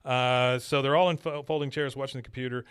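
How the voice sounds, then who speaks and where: A man's voice: mid-range voice, steady tone, brisk, a bit bright, clear, resonant tone, dry recording, clean studio sound. A man hosting a podcast, recapping an episode in a chatty way, laughing and using many fillers. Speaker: podcast host.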